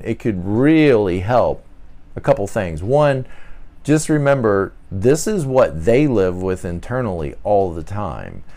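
A man's voice: mid-range voice, darkish tone. A man hosting a podcast, talking through a personality topic in an earnest, casual teaching monologue, often repeating words and briefly acting out the voices he quotes. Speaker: podcast host.

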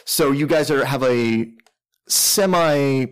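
A man's voice: medium pitch, takes it slowly, clean tone, rough recording. A man narrating a tabletop role-playing game as game master, with many fillers and restarts.

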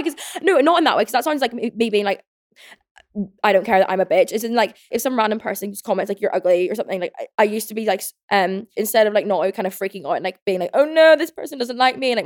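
Chatty twentysomething girl podcasting, talks super fast, swears a bit, lots of likes. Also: mid-range voice, creaky. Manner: chatty, rambling, full of fillers and swearing. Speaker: podcast host. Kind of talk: casual chat.

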